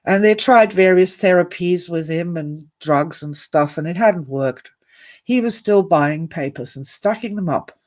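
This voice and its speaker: A woman speaking at a summit gives a personal storytelling talk in a fairly low voice at a measured pace. Emotional and candid, she tells heartfelt anecdotes, drifts into asides, swears now and then, and sighs and laughs along the way.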